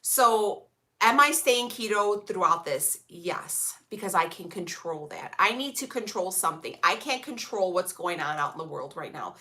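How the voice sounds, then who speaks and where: Sassy young woman streamer, crisp bright tone, blunt slangy chatter. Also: fairly low pitch, expressive, normal speed. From Illinois, USA. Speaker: vlogger reading live chat. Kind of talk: casual live-stream chat.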